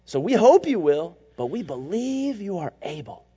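A man preaching a sermon as pastor, animated and emphatic, sometimes slipping into mocking voices to make a point. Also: sits high, moderate pace, slightly rough. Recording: muffled, long church reverb.

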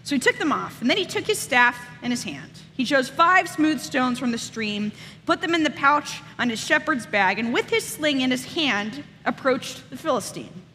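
A woman preaching a sermon, retelling a scripture story in a casual, lively way with slang asides, then reading the passage aloud. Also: high-pitched, normal speed, faint music behind. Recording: reverberant hall.

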